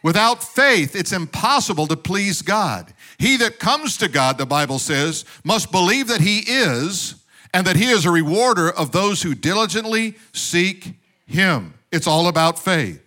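A male pastor delivers a sermon in a high, bright voice. He presses his points with rhetorical questions and calls for amens, and he drops joking asides to the congregation along the way. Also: sing-song, a little slow.

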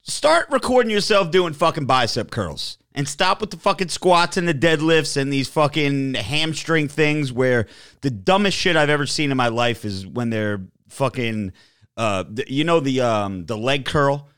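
A man's voice: mid-range voice, unhurried, a bit bright, clear, resonant tone, dry recording, studio quality. A man co-hosting a casual chat, brash and heavily profane, with crude joking rants. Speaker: podcast co-host.

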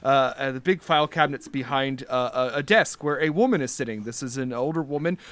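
A man serves as game master for a tabletop game, narrating haltingly with lots of fillers and restarts. His voice is mid-range and a bit bright.

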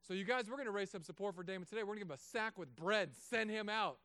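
A man, a pastor, preaching a sermon in a casual joking way, moving between quiet asides and loud emphatic stretches. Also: high voice, quick pace, no echo. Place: church.

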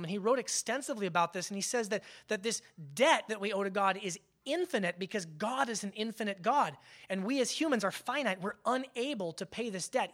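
A man preaching a sermon as pastor, conversational, with emphatic swells and hushed drops, often repeating words as he restarts a phrase. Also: high-pitched.

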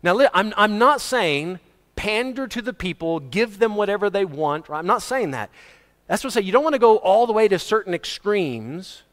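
Animated preacher in a reverberant hall. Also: male voice, moderate pace. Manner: animated, swings between booming shouts and soft asides, chuckles often. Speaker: pastor. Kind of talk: sermon. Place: church hall.

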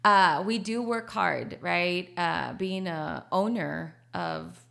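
A woman's voice: on the low side, takes it slowly, creaky, fairly bright tone. A woman, a coffee shop owner talking casually in an interview, laughing often and slipping into Spanish. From Texas.

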